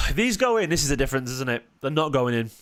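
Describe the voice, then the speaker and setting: A man hosting a live football watchalong, sarcastic and defensive as he talks back to viewers in the chat, moving from low mutters to sharp raised outbursts. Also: very animated, fast. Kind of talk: live-stream match commentary and chat replies.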